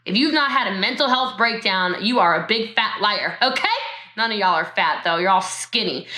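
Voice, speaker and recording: A woman's voice: on the high side, animated, moderate pace, pushed and bright, echoey room. A woman giving a motivational talk on network marketing over a video call from her home, emotional and laughing as she speaks straight to her viewers.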